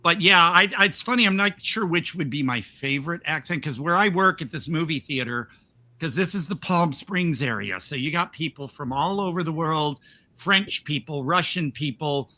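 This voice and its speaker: Chatty male podcast host, bright, slightly high voice, rambling delivery. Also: expressive, moderate pace. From United States. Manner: chatty, rambling with frequent restarts and laughs. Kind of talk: casual chat.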